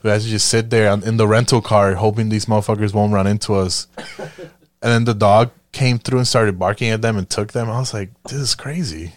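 A young adult man from Chicago, telling a profane, animated story in casual chat and acting out the other people's lines. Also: lowish voice, fairly quick, no room sound.

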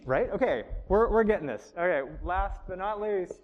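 A man leads a group workshop, coaching participants in an upbeat way and laughing often. His voice sits a bit high for a man. The sound rings with a long reverb, as if the room is a large hall. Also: expressive, moderate pace, darkish tone, lo-fi sound. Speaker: workshop instructor. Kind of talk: classroom teaching to a group.

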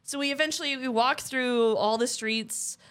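A woman in her thirties, a comedian guest, chatting casually and telling a lively story, acting out what other people said. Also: on the high side, normal speed. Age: 30s. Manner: animated storyteller, acts out the quoted people.

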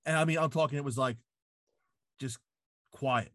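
A man talks loosely and profanely, packing his sentences with "like" as he tells a story. His voice sits at an ordinary middle pitch. The sound is dry and close, with no room echo. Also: normal speed. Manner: profane storytelling full of "like" fillers. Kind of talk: casual chat. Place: home basement.

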